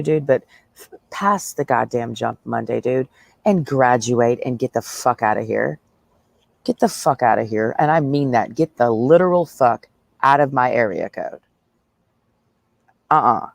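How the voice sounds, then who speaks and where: A woman's voice: rumbling low, creaky, no room sound. A woman livestreaming a blunt, profane, sarcastic rant, talking straight at her listeners. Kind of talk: ranting livestream monologue.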